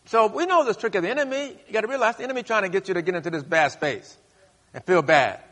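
Male pastor, sermon, call-and-response, bright voice, long hall reverb. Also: fast talker. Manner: call-and-response preaching, rising to loud high bursts. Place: church sanctuary.

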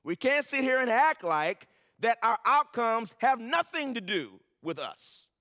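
A man's voice: very high voice, very animated, unhurried, pushed and bright, big-room sound. A man preaching a sermon as pastor, building to emphatic, repeated lines.

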